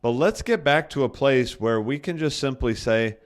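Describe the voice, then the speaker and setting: A male pastor delivering a sermon in a mid-pitched, conversational voice. He talks to the congregation as if chatting, circling back to repeat key lines and stopping to rephrase himself as he goes. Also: moderate pace. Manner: conversational preaching that restates points for emphasis; frequent self-corrections and restarts.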